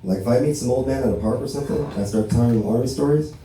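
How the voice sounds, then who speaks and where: A man's voice: mid-range voice, rapid-fire, mellow, a little hiss or hum. A man from Los Angeles doing a casual, profane stand-up set, telling stories and tagging lines with "right?". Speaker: stand-up comedian. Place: barbershop comedy show. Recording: very echoey room, mic far away.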